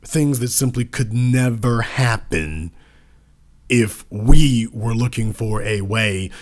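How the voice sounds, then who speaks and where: A middle-aged man delivers a monologue of political commentary at a mid-range pitch. He speaks emphatically, circles back to the same phrases, and slows down to drive key words home.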